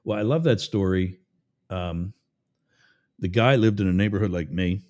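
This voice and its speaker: A man hosting a talk radio show, ranting with sarcasm and telling jokes in an animated way. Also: deep voice, normal speed, long pauses. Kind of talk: talk radio monologue with a live-read ad.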